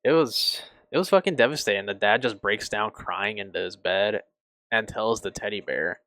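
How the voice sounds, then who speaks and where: Young male reviewer, lowish voice, dry close sound, emotional and halting delivery with frequent swearing. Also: a bit bright, dry recording. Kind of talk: casual review.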